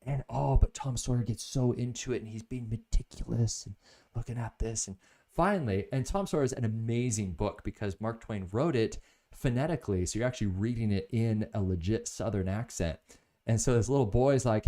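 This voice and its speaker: A man's voice: medium pitch, brisk, mellow. A man hosting a casual live product review, enthusiastic and rambling into stories.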